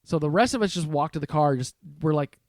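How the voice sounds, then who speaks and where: A man as a podcast guest, telling a story in casual chat, lively and profane, acting out the lines of the people in it. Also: fairly high pitch, quick pace, no echo, studio quality. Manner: animated, swearing, acts out quoted lines.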